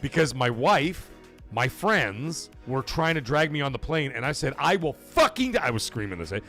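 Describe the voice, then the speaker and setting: Profane streamer telling stories. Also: male voice, mid-range voice, moderate pace, soft background music. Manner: animated, profane, swings loud and soft for effect. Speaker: host of a live gaming stream. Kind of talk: casual live-stream storytelling.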